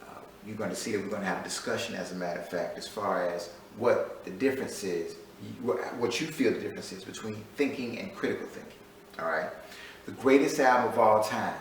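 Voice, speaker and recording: A lower-voiced man speaks as a teacher introducing his online course, leaning hard on key points and repeating them. He sounds a little set back from the mic, and the room around him rings with heavy echo. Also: fairly quick, slight background noise. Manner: emphatic, repeats key phrases. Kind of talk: recorded class introduction. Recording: echoey room, mic at a distance.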